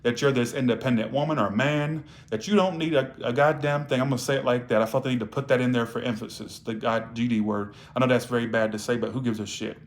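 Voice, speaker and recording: A man's voice: mid-range voice, fairly even intonation, quick pace, few pauses. Blunt, profane male tarot reader. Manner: casual, repeats "all right?". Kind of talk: live-stream tarot reading.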